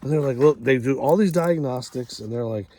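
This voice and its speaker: A middle-aged man hosts and tells a funny story in a casual way. He chuckles as he goes and acts out the other people with big jumps in pitch. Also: a little fast, dark tone. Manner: chuckles through the telling. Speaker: host.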